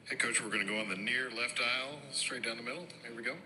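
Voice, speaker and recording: A man moderating a press conference, briskly calling on reporters in the room. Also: mid-range voice, fairly even intonation, pushed and bright, slight background noise. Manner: brisk, directing.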